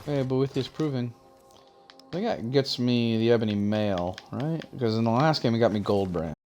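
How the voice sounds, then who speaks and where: A man's voice: lowish voice, lively intonation, moderate pace, a little mellow, soft background music. A young man streaming a game, chatting casually and telling a rambling, profane story. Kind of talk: casual chat while gaming.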